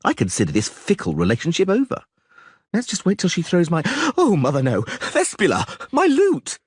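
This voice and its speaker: A man voicing a vain, flamboyant young bard who talks excitably and dramatically in an audiobook. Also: sits high, moderate pace, husky, dry recording, clean studio sound, voice pushed up, heavily acted. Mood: excitable flamboyant. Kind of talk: audiobook character voice.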